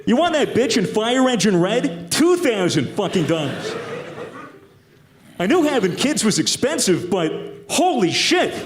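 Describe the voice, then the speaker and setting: Give me a young man doing dark, deadpan stand-up comedy with a high, lively voice, in an echoey room with a loud crowd. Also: measured pace. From United States. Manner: dark, deadpan joke delivery.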